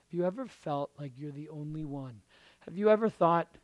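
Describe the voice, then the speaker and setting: A hoarse male pastor preaching a sermon, firing off runs of rhetorical questions and swinging from hushed murmurs to loud emphatic bursts. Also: fairly high pitch, moderate pace, no room sound.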